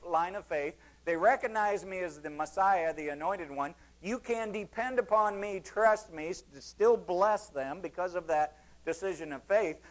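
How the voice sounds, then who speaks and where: A man's voice: sits high, rough recording. A male pastor delivering a sermon to his congregation, preaching with rising emphasis.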